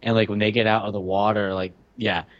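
A lower-voiced man in casual podcast chat, hedging and restarting his thoughts with constant "like"s. The recording sounds dull and lo-fi. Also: level tone, brisk. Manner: hesitant, many "like"s and restarts. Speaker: podcast co-host.

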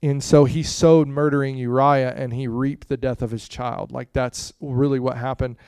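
A man preaching a conversational sermon to a congregation, swinging between hushed and loud passages, with frequent "you know" asides. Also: medium pitch, fairly even intonation, normal speed, clear, resonant tone, no echo, clean studio sound. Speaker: pastor.

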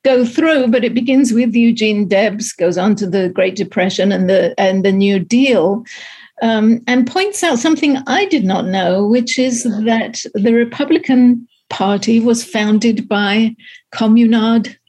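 A woman's voice: a little high, a little slow, a little mellow, breathy edge. A woman reviewing a film on a radio show in a wry, amused, chatty way. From abroad, two countries outside America. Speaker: film critic. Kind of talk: casual radio chat.

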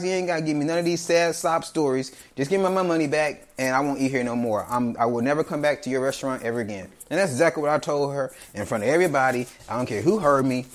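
A man, hosting a podcast and ranting in a casual story about bad restaurant service, acting out each side of the exchange in quoted voices. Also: on the high side. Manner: animated, acts out both sides of the exchange in quoted voices. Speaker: podcast host.

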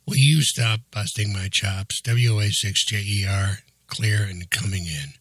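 An impatient, crude young man who grumbles and swears through every line, as a man puts him on while narrating. His voice comes out low and husky, with a dry, close recording. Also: measured pace, a bit bright, dry recording. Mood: grumbling.

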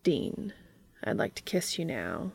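A woman doing a calm, quietly commanding man. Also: deep voice, slow, vocal fry, slightly rough, no room sound, full character voice.

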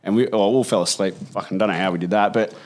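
A man's voice: on the low side, steady tone, racing, background noise. A young Australian man hosting a casual chat among mates, telling crude stories full of slang and swearing, often breaking into laughter.

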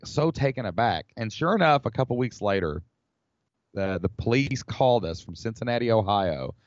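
A man from the United States, a podcast guest, telling a personal story in an animated, rambling way with lots of fillers. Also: lowish voice, no echo. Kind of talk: casual storytelling. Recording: slightly dull dry recording.

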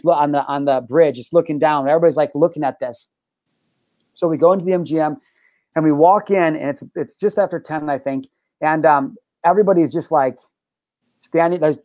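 A man's voice: on the high side, dry recording. A young adult man telling a personal story in casual chat, with lots of swearing and "bro". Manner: profane, animated, says "bro". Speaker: guest.

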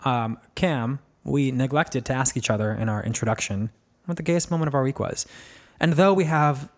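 A man's voice: medium pitch, moderate pace. A man in his thirties hosting a podcast in casual chat, teasing and jokey. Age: 30s. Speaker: podcast host.

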